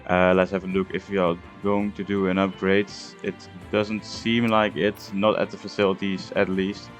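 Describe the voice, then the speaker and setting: A man's voice: low-pitched, level tone, moderate pace, faint music behind. A man hosting a racing game video, talking through his gameplay casually with frequent hesitations. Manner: hesitant, full of "uh" and "um" fillers. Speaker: gaming video host.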